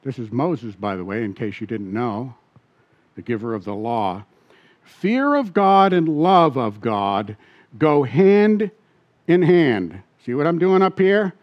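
A man's voice: medium pitch, very animated, takes it slowly, highs cut off. A man preaching a sermon as pastor, often asking his listeners questions and repeating key points.

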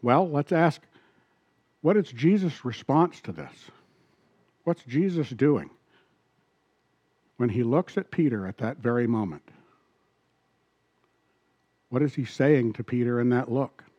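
A man preaching a sermon as pastor, animated and asking the congregation questions. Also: mid-range voice, takes it slowly, long pauses, husky, dry recording, muffled recording.

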